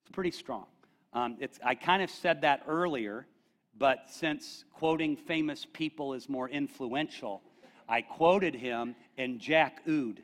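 A man's voice: mid-range voice, slow, a bit bright. A middle-aged man preaching a conversational sermon as pastor, joking with the congregation and often checking in with "okay?".

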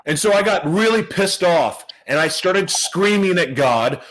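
A man giving a personal testimony speech to an audience, earnest and emotional, repeating phrases for emphasis and dropping to a hush at tender moments. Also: sits high, animated, a little slow, hardly any pauses, a little hiss or hum, low-quality recording. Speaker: motivational speaker sharing his life story.

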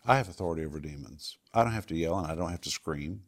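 A man with a very low, deep voice answers viewer questions on a talk show. He explains in a calm, assured, teacherly way, unhurried and firm. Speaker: Bible teacher.

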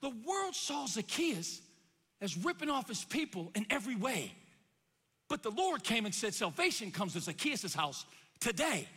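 Male pastor, bright husky voice with a lively swinging delivery, preaching in a church. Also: very high-pitched, normal speed, long reverb tail. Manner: animated preaching, acts out voices, rises and drops to a hush. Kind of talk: sermon. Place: church sanctuary.

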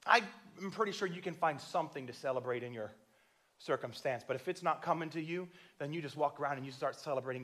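A man's voice: a little high, brisk, a bit bright. A man preaching a church sermon with passion, acting out prayers and the voice of God as he tells a story. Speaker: pastor.

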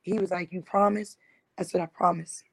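Woman, forties or older, advocate giving personal testimony; lowish, dry, earnest. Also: fairly even intonation, normal speed, vocal fry, dry recording, poor audio. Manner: earnest retelling, quoting others with "I said". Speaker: domestic violence survivor and advocate.

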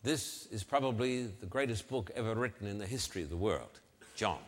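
An older man preaching a sermon, slow and emphatic, repeating key phrases for weight. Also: fairly low pitch. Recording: long reverb of a large hall.

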